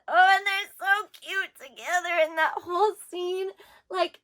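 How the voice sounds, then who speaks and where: Young woman, high voice, casual rambling review, emotional, filler-heavy. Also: slow pace, a bit bright. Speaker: manga reviewer.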